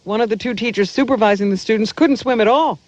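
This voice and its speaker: A woman reading news items as co-host on a comedic radio show, wry and quick to laugh. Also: a little high, a little mellow, dry recording. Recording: dull lo-fi radio sound.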